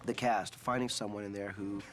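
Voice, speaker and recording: A man's voice: lowish voice, fairly even intonation, fairly quick, fairly bright tone, soft background music. A man, a film director, chatting enthusiastically in an interview about casting, with some restarts. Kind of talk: interview for a behind-the-scenes featurette.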